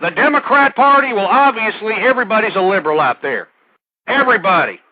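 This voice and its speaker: Brisk and animated, this radio talk show host rants at his callers in a crude, combative way, repeating himself often. His voice sits high, and the tinny, phone-like recording is dry with no room sound.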